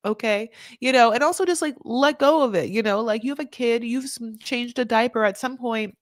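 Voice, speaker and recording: A woman casually recapping a reality show, chatty and animated, full of "like" and laughs. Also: on the high side, brisk, few pauses, no echo, clean studio sound. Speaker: recap podcast host.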